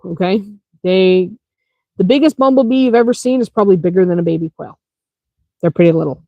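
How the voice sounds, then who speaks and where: A woman who runs a small farm answers viewer questions in a casual Q&A, her medium-pitched voice mellow and the recording dry. She's chatty and practical, laughs easily, and drives her points home with "okay?"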